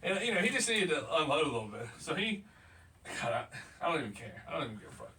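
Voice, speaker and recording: Through a faintly noisy, distant mic, a podcast host laughs and swears his way through stories in a casual conversation. He talks fast in a high-leaning, sharp-toned voice with big pitch swings.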